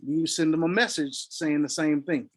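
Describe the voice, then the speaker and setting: High-voiced man coaching on a call. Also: fairly even intonation, normal speed. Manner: acts out sample sales calls, lots of filler syllables. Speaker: sales consultant. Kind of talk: casual consulting call.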